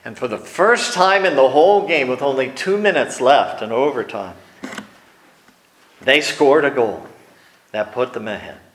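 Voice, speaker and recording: A man preaching a sermon, telling wry personal stories and slipping into quiet asides, recorded in a church hall. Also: medium pitch, animated, unhurried. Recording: echoey room.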